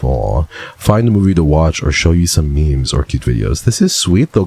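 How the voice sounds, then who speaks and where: Deep, husky male streamer. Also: darkish tone. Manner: playful, dramatic, swears casually. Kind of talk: casual chat, reading viewer submissions.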